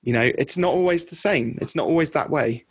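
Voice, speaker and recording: Middle-aged man, a business coach speaking on a group call; pitched a little high, husky, dry close sound, chatty and keeps checking in. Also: brisk, no room sound. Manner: conversational, often checks in with "okay?".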